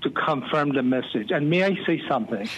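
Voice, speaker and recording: A man, a pastor being interviewed, telling stories animatedly and given to excited outbursts. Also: on the high side, a little fast, husky. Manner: animated, bursts into excited exclamations. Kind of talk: storytelling interview talk. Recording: muffled lo-fi.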